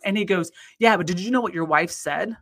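A woman casually telling a long anecdote in conversation. She rambles with restarts and acts out the people in her story with big jumps in pitch. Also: a little fast. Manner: rambling, many restarts and fillers.

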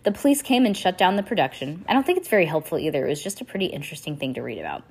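A woman's voice: fairly low pitch, very animated, very fast, darkish tone, slightly rough, exaggerated voice. A woman reading aloud, voicing a firm, matter-of-fact bookish boy.

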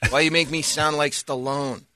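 A man's voice: on the high side, steady tone, normal speed, sharp tone, dry recording. A man co-hosting a podcast, arguing his points and cutting in during casual chat. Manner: argumentative, interjecting.

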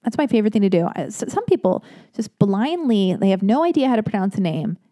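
A woman hosting a podcast alone, chatting casually in a rambling way with animated asides. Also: mid-range voice, fast talker, no echo, studio quality. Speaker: podcast host. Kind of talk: casual solo podcast talk.

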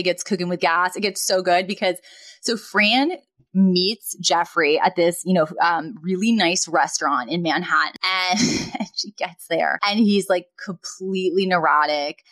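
A woman's voice: fairly low pitch, normal speed. A woman co-hosting a podcast, casually retelling a sitcom plot and acting out the characters' lines. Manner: lively storyteller, acts out characters' lines. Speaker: podcast co-host.

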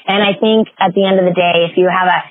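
A woman fitness executive, a guest in an interview, telling stories with lively acted-out quotes. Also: fairly low pitch, quick pace, no room sound. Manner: animated storyteller, acts out quoted voices. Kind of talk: interview storytelling. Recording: dry, phone-like lo-fi audio.

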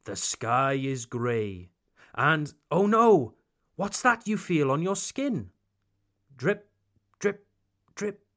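British guy teaching english on a podcast, real slow and careful, voice jumps around a lot. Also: a little high, expressive, fairly bright tone. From Britain. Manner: slow, emphatic, teacherly, drawing out example phrases. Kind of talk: scripted language lesson podcast.

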